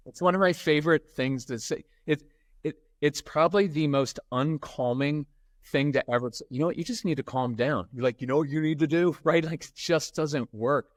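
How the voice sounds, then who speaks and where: With a slightly high voice and moderate pace, a middle-aged man guesting on a podcast as a parenting expert tells lively stories, performing the people in them. It's a conversational interview recorded in echo-free studio quality.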